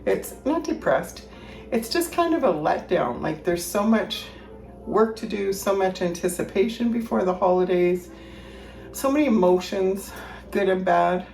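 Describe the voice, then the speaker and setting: A woman's voice: mid-range voice, animated, a little slow, vocal fry, a little mellow, reverberant, faint music behind. A woman casually chatting while she cooks at home, rambling and thinking aloud, a little out of breath. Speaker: home cooking vlogger. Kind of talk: casual kitchen chat. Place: home kitchen.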